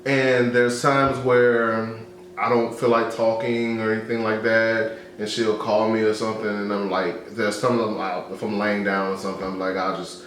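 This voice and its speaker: A man's voice: fairly low pitch, flat delivery, normal speed, a bit bright. A man on a discussion show, candidly telling personal stories and acting out the other voices in them. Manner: candid, storytelling, acts out dialogue. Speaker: co-host. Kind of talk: casual discussion. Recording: echoey room with faint noise.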